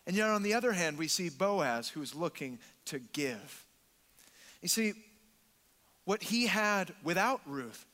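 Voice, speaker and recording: A man's voice: fairly high pitch, very animated, unhurried, bright, forceful tone, in a large hall. A man preaching a sermon in a church, emphatic, repeating words and acting out quotes. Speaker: pastor.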